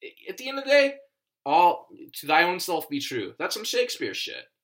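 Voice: mid-range voice, huge pitch swings, normal speed. A comedian ranting in a casual monologue, profane and emphatic, rambling with many restarts.

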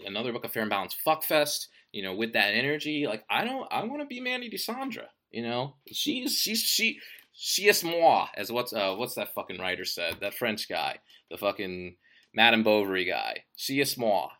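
A man's voice: on the low side, big pitch swings, fairly quick, bright, forceful tone. A man, an author, talking about his writing in a casual monologue, swearing often and rambling enthusiastically. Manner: profane and rambling.

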